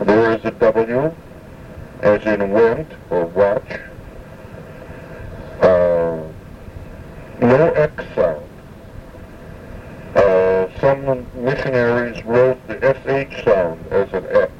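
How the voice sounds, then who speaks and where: Male instructor, low voice, unhurried and halting, far off a muffled mic with a faint hum behind. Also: lively intonation. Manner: halting, with frequent "uh" pauses. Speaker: language instructor. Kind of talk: explaining pronunciation.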